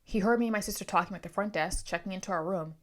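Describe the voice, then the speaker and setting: A woman with an American East Coast accent talks casually to camera about a book, drifting off on tangents and laughing easily. Her voice sits at a middle pitch. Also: rapid-fire. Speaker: book reviewer.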